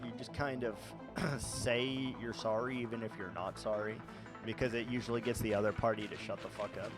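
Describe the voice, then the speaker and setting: A man's voice: mid-range voice, steady tone, a little fast. Midwestern guy streaming games, swears a lot, rambles and laughs, game music playing. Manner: profane, rambling, laughs at himself. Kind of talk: casual gaming livestream chat.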